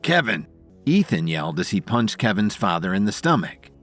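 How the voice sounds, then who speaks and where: Low-voiced dramatic male narrator. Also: big pitch swings, fairly quick, soft background music. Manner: dramatic storytelling. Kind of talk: scripted audio drama narration.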